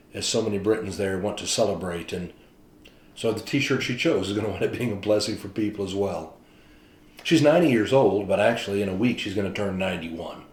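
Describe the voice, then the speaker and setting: Low-voiced male pastor, chatty storytelling, echoey room sound. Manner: chatty storytelling, animated retelling. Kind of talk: casual devotional talk.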